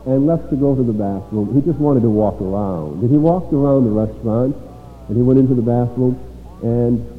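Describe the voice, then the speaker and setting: A man preaching to children in a measured, storytelling sermon voice with dramatic pauses. His voice sits in a middle pitch. The recording is thin and phone-like, with a long reverb trailing off the walls of a hall.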